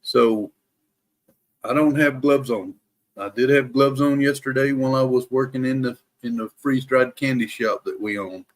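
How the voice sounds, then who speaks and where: A man hosting a daily Bible live stream, reading scripture aloud slowly and deliberately, careful to pronounce every word, with casual asides to his viewers. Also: medium pitch.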